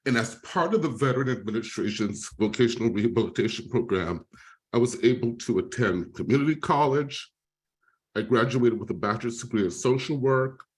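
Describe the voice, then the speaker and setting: A man's voice: medium pitch, animated, brisk. A middle-aged man giving a talk on a video call, telling his own recovery story, close to tears and apologetic at times. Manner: emotional, tearful at moments, apologetic. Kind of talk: presentation with personal testimony.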